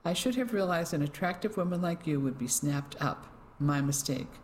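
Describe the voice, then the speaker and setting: A storyteller voicing a stiff, self-pitying English gentleman in his sixties who speaks in a clipped way. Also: medium pitch, lively intonation, moderate pace, slight background noise, lightly acted. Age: 60s.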